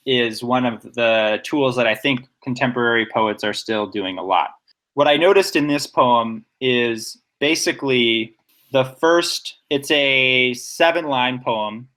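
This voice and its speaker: A man's voice: medium pitch, a bit bright. A young man co-hosting a casual poetry podcast, explaining poems in an enthusiastic, nerdy way. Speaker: podcast co-host.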